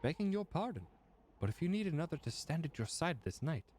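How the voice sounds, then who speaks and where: A man's voice: fairly high pitch, big pitch swings, a little fast, slight background noise, pitched above the performer's own voice. A man voicing a courteous male minstrel who speaks politely and formally. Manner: polite, formal, soft-spoken.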